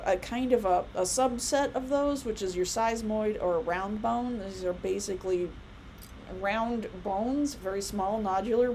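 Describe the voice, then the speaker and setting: A woman's voice: medium pitch, darkish tone, a little hiss or hum, low-quality recording. A woman in her thirties giving a casual biology lecture, chatty and rambling with many fillers and asides. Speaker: college biology instructor.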